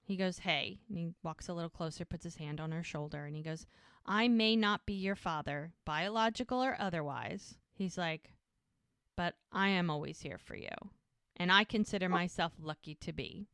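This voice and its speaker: A woman's voice: lowish voice, normal speed, fairly bright tone, clean tone, dry recording. Woman recapping a show in a dry close voice. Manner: retells scenes by quoting characters. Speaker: podcast co-host. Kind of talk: casual recap of a TV episode.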